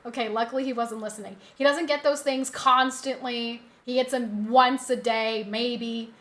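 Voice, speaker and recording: A woman's voice: on the high side, steady tone, normal speed, a bit bright. A woman streamer chatting casually on a live stream from her home setup, often cooing at her dog in a doting voice.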